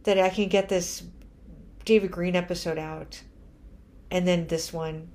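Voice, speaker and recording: A woman's voice: lowish voice, steady tone, measured pace, darkish tone, a little hiss or hum. A woman hosting a podcast in casual chat, tired and punch-drunk, rambling and laughing at herself. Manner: rambling, self-deprecating, laughing often. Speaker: podcast host.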